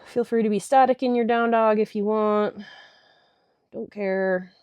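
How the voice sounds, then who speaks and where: A woman's voice: medium pitch, steady tone, a little slow, darkish tone, clean tone, no room sound. A woman leading a casual guided stretching class, chatty and irreverent with joking asides. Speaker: yoga and stretching instructor.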